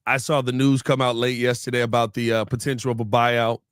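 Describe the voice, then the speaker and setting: A man's voice: mid-range voice, flat delivery, fairly quick, smooth, no room sound, studio quality. A man hosting a casual sports talk show, blunt and opinionated with a joking edge. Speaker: sports podcast host.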